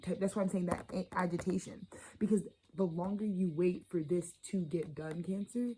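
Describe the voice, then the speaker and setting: A woman with a low, mellow voice gives a casual tarot reading, talking straight to her viewers. Her delivery is loose and profane. She is animated and keeps jumping in and out of quoted voices. A faint hiss sits under the voice. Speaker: tarot reader. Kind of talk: casual channeled reading to camera.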